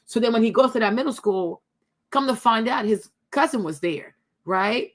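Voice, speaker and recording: A woman's voice: fairly high pitch, lively intonation, normal speed. A young woman from the Ivory Coast who hosts her own channel. She tells a story to her viewers in a casual way, calls them y'all and keeps asking "right?". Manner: chatty, addresses viewers as y'all, many tag questions. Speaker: host.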